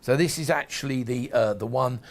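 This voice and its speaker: A shopping channel host with a medium-pitched voice and vocal fry talks fairly quickly through collectables. His sales patter is chatty and rambling, and he often restarts his sentences.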